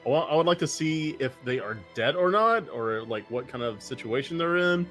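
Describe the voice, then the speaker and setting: A man playing a tabletop game who describes his character's actions with halting restarts. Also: on the high side, expressive, fairly bright tone. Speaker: player. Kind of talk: casual talk at a game table. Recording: faint background music.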